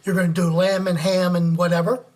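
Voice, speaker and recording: A man co-hosting a live cooking show, calmly prompting viewers to comment in chat. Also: high-pitched, brisk. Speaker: co-host.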